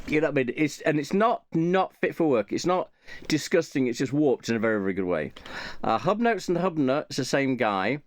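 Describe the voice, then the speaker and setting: A man's voice: on the high side, lively intonation, fairly quick, no room sound. A man chatting casually and rambling, with many fillers and restarts. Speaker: channel host.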